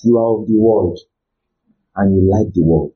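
A man with a Nigerian accent preaching a sermon, animated and full of rhetorical questions, now and then breaking into shouts, on a dull lo-fi recording. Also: on the low side, normal speed, slightly rough.

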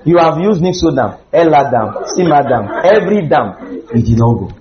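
A man preaching a humorous, animated sermon with sudden loud outbursts. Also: on the high side, normal speed, reverberant, lo-fi sound, crowd noise.

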